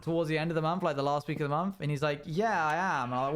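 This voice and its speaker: Chatty man streaming live, slightly high voice. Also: fairly even intonation, racing, few pauses, soft background music. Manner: rambling anecdotes told to chat; acts out quotes in a raised voice. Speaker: livestreamer. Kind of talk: casual live-stream chat.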